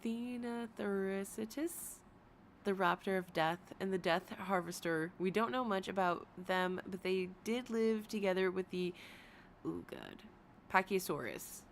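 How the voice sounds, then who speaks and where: A weary woman streamer chatting her way through commentary, wandering off on tangents and cutting herself off with little laughs. Her voice sits at an ordinary middle pitch, and a faint hum of noise stays under it. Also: measured pace. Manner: rambling, self-interrupting, giggly. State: tired from long talking.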